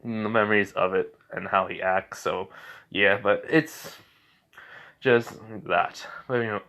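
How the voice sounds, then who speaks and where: A man's voice: on the low side, fairly even intonation, unhurried, pushed and bright. A man casually retelling a fan story, rambling with many fillers and restarts.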